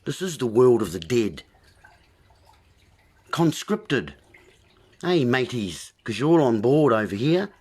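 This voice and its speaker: A man's voice: mid-range voice, big pitch swings, slow, long pauses, darkish tone, breathy edge. A man hosting a livestream, giving a rambling, preachy wordplay monologue with asides to his viewers. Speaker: livestream host.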